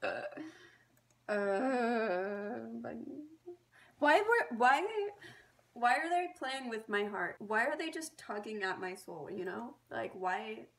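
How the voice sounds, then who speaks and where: High-pitched, gushing young woman. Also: lively intonation, slow. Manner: gushing, squealing and laughing often. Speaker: YouTuber reacting to a music video. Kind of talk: excited reaction vlog. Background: music video playing.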